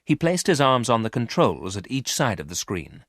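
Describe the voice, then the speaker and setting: A man giving a clear, expressive scripted audiobook narration. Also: mid-range voice, moderate pace, no room sound, studio quality.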